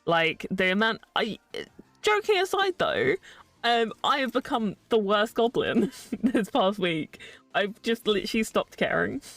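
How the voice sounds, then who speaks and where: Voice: medium pitch, big pitch swings, unhurried, a bit bright, dry recording, distant mic, soft background music. A young adult streamer chatting casually and ranting sarcastically while building, laughing often.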